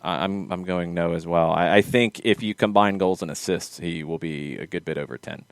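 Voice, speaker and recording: A man hosting a casual soccer podcast, quick and lively, teasing his co-hosts. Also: low voice, smooth, no room sound. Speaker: podcast host. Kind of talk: casual sports chat.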